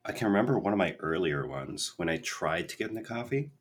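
A man's voice: low voice, lively intonation, quick pace, slightly rough. A young man co-hosting a casual podcast, rambling through tangents with lots of fillers, from Minnesota. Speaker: podcast co-host. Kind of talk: casual chat.

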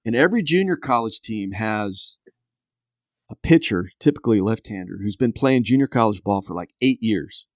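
A man's voice: fairly low pitch, brisk, no echo, clean studio sound. A man in his fifties, a podcast guest, casually telling a long story and acting out other people's lines. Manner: animated storyteller who acts out quotes.

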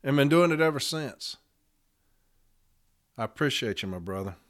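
A man's voice: mid-range voice, lively intonation, normal speed. A man hosting a show, ranting with profane, sarcastic fire about union matters. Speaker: podcast host. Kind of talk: ranting commentary.

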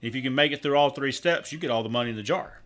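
A man's voice: medium pitch, very fast, a bit bright. A married man, co-hosting a casual podcast and telling crude jokes in a drawling storyteller way. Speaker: podcast co-host. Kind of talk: casual joke-telling chat.

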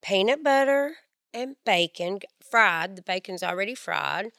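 A woman's voice: mid-range voice, animated, unhurried, gravelly, a bit bright, no room sound, studio quality. A woman with a Southern US accent in casual chat, emphatic and enthusiastic.

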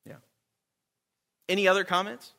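Bright-voiced man teaching a Bible class. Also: high-pitched, flat delivery, normal speed, gravelly. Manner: conversational, often checks in with "right?".

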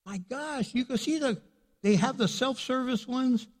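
A male pastor preaching a sermon, telling a lively personal story and acting out the people in it. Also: very high-pitched, a little slow. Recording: echoey hall reverb.

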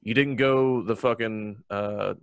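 A man's voice: fairly low pitch, steady tone, slow pace, smooth, no echo. A man hosting a podcast, teasing his guests with crude jokes in casual banter. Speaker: podcast host.

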